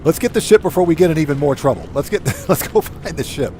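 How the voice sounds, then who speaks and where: A man's voice: on the high side, expressive, quick pace, mellow, slight background noise. A man streaming a game live, telling dad jokes, laughing at his own punchlines and reading chat messages aloud.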